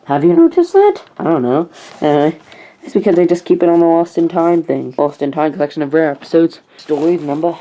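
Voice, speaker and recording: A woman's voice: deep voice, fairly even intonation, a little fast, dark tone, rough recording. A teenage girl vlogging at home, reviewing DVDs in a rambling, chatty way with asides to the camera. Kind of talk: casual vlog review.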